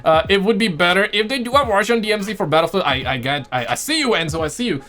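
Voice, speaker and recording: A male streamer reacting live to a video, with loud exclamations, chatting casually and greeting viewers in chat by name. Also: high-pitched, animated, fast.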